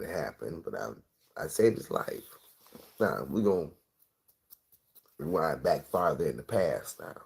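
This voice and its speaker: A middle-aged man telling a personal story in a casual, profane, animated way, acting out the quotes. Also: very deep voice, vocal fry, husky.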